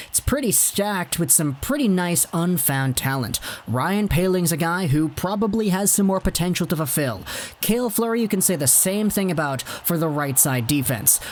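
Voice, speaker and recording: A man hosting a hockey news channel, giving casual, enthusiastic commentary with chatty, sometimes sarcastic asides. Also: sits high.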